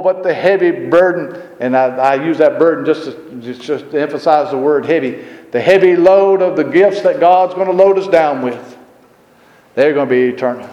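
A man preaching a sermon. He rises and gets louder on scripture and repeats verse references as he goes. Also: mid-range voice, lo-fi sound. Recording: roomy hall echo.

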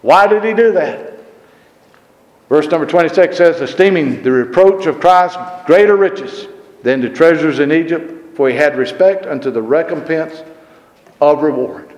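A man preaching a sermon. He rises and gets louder on scripture and repeats verse references as he goes. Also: fairly high pitch, moderate pace. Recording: roomy hall echo.

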